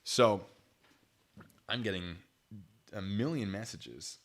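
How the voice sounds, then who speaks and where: A man with a fairly low voice tells a story to his live chat in a loose, casual way. He laughs often and restarts his sentences as he rambles along. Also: takes it slowly, fairly bright tone. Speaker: YouTube channel host.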